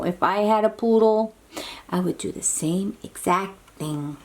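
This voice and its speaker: A woman reading a picture book aloud to toddlers, animated and sing-song and coaxing, sometimes dropping to soft whispers. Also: mid-range voice, unhurried. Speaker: children's book reader.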